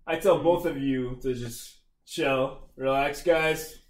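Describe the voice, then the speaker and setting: A man playing a tabletop game, joking and calming the others. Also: medium pitch, slow pace. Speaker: player. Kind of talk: casual game chat. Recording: roomy.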